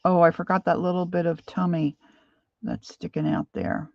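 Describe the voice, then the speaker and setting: A woman's voice: fairly low pitch, level tone, moderate pace, creaky, no echo, highs cut off. An older woman chatting casually while she paints live, rambling and reading viewer comments aloud. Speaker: painting instructor. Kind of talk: live painting stream chat.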